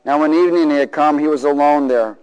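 In a church hall with the long reverb of a large space, a middle-aged man preaches a sermon to his congregation in a slightly high, clean-toned voice. He speaks fairly quickly and animatedly, calling for responses and acting out the voices of people in his story.

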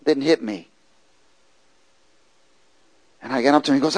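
A man preaching and telling his testimony, moving from loud preaching to hushed storytelling. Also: medium pitch, rapid-fire, no echo, rough recording.

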